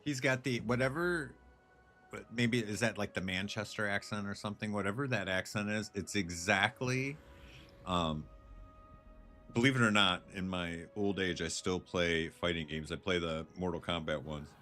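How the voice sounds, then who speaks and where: A man streaming a video game live, thinking out loud in a laid-back, jokey way. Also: lowish voice, moderate pace, faint music behind. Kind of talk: casual live gameplay commentary.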